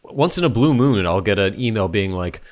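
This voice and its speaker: A man's voice: fairly low pitch, lively intonation, a little fast. A man co-hosting a podcast, chatting casually and wryly teasing his friends. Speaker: podcast co-host. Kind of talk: casual chat.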